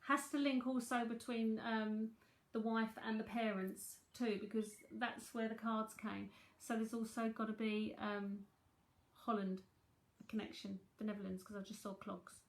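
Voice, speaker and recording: A woman's voice: a little high, little pitch movement, measured pace. A woman with a London accent giving a chatty live psychic tarot reading from home, repeating herself as she talks to viewers.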